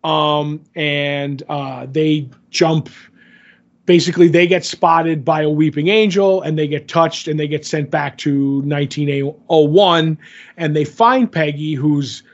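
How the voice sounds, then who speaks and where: A podcast co-host recaps a TV episode in a loose, rambling way full of fillers. His fairly high voice takes it slowly, and the audio is dull.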